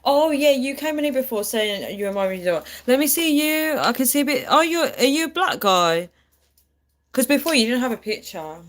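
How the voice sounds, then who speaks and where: A woman's voice: sits high, animated, normal speed. A woman hosting a live stream, chatting with viewers in a chatty and encouraging way. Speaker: livestream host.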